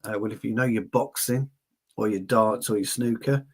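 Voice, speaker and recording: A man's voice: on the low side, moderate pace. A man co-hosting a casual livestream chat, chatty and repeating words for emphasis. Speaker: co-host.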